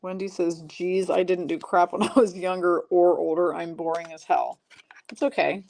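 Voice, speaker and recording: A woman's voice: lowish voice, flat delivery, gravelly, darkish tone. A woman hosting a live card break stream, chatty and self-mocking. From Michigan. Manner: chatty, self-mocking, rattling off names quickly.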